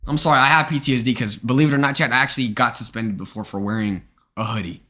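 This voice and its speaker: A young man hosting a live stream, chatting casually and jokingly with his viewers in an animated way. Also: medium pitch, fast talker. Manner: animated, joking, talks straight to chat. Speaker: streamer host.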